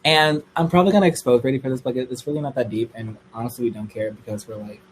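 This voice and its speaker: A young man telling a story on a livestream in a casual, gossipy way, swearing freely and squealing high when excited. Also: quick pace, a little hiss or hum, low-quality recording.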